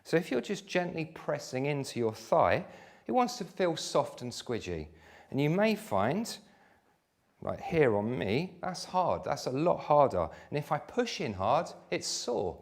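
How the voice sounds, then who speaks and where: A man's voice: fairly high pitch, huge pitch swings, a little slow, vocal fry. A man, a sports therapist, giving a live exercise class and demonstrating on his own leg in a chatty way.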